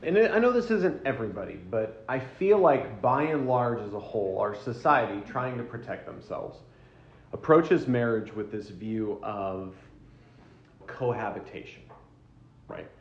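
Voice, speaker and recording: A man's voice: mid-range voice, animated, a little slow. A man leads a church marriage class, speaking in an easy, conversational way to a group in the room. He repeats and restarts his words and asks the listeners questions. The recording is roomy and slightly dull, with a lo-fi sound.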